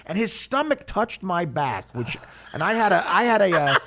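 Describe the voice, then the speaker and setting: Male podcast host, gravelly and expressive, self-mocking storyteller who stammers. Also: high voice, normal speed, background noise. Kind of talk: casual storytelling chat.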